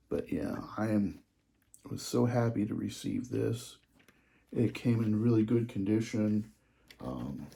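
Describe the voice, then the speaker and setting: A man showing off his model trains in a casual vlog, gushing with excitement and dropping into hushed asides. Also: mid-range voice, gravelly.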